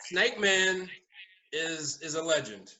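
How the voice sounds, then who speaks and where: A man chatting casually at a round table, telling lively stories and laughing often as he goes. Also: a little high, slow pace, a little hiss or hum, poor audio. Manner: animated storyteller, laughs often. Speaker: haunt owner, podcast regular. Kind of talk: casual storytelling chat.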